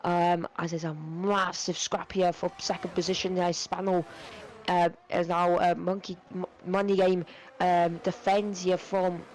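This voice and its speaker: A man's voice: high-pitched, darkish tone, poor audio. A young man giving live sim racing commentary, rambling with lots of fillers and self-corrections. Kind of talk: live esports race commentary.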